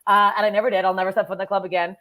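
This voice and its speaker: Canadian woman comedian, thirties, blunt cursing storyteller, rattles along fast. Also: mid-range voice. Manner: profane, blunt, animated storytelling. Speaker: comedian guest. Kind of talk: casual podcast storytelling.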